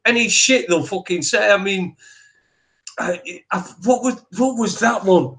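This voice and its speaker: A man co-hosting a talk show, ranting in sweary, animated bursts with lots of restarts. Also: sits high, a little slow. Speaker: podcast co-host. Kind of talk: ranting opinion chat.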